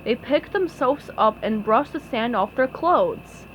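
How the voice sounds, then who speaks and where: A woman reading a children's storybook aloud in an expressive way. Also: a little high, unhurried, a little hiss or hum, low-quality recording. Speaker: storybook reader.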